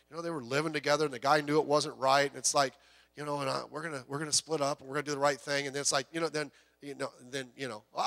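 Pastor, male, slightly high bright voice, conversational sermon delivery, long church reverb. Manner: conversational, asks the congregation questions, acts out quotes.

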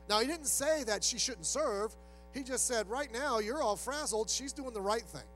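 A man's voice: high-pitched, poor audio. A male pastor preaching a sermon in a loose, conversational way, acting out quoted voices as he goes.

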